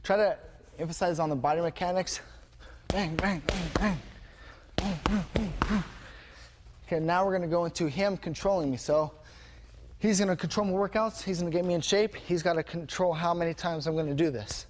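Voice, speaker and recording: An energetic male instructor talks through punch combinations, his voice sitting a little high for a man. He calls out every strike as he throws it. The gym around him is noisy, with steady background sound under his words. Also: fast talker. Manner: energetic, punctuates moves with "bang". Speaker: martial arts instructor.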